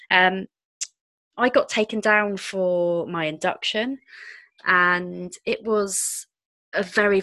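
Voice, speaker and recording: A woman tells a personal story candidly and expressively. Her voice sits a little low yet sounds crisp and bright. The recording is close and dry. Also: no echo. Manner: frank, expressive, quick asides. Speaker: podcast guest, entrepreneur.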